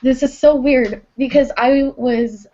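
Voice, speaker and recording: A woman's voice: high-pitched, fairly even intonation, unhurried, dark tone. A teenage girl from Kansas calls in on a lo-fi voice chat, her voice worn down by sickness. She tells a creepy story hesitantly, leaning on "um" and "like" as she goes. The line sounds dull and muffled. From Kansas, USA. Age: teens. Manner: hesitant, many "um" and "like" fillers. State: sick. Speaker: caller. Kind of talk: telling a ghost story on a voice call.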